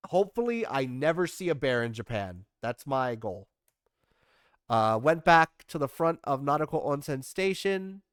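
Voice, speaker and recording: Smooth-voiced young man rambling casually. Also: mid-range voice, very animated, moderate pace, a bit bright, dry recording, clean studio sound. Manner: rambling, self-deprecating, swears casually. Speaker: streamer recapping a trip. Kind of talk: casual chat over photos.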